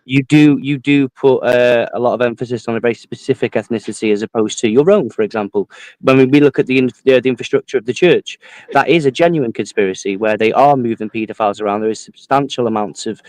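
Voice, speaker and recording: A man's voice: medium pitch, fast, darkish tone, no room sound, low-quality recording. A man in an online debate who argues articulately, often restarting his phrases.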